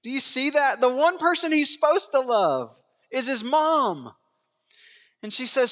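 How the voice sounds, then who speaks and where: A man preaching a sermon in a church, swinging between hushed asides and raised emphatic lines, chuckling and asking rhetorical questions. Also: very high-pitched, expressive, a little slow, in a large hall. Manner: acts out biblical quotes in character voices. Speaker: pastor. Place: church sanctuary.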